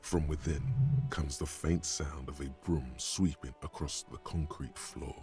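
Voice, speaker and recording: A man's voice: extremely low pitch, fairly even intonation, a little slow, a little mellow, soft background music. An actor playing a wry, mocking male narrator in a video game, describing scenes in a dry, sardonic way. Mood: ominous.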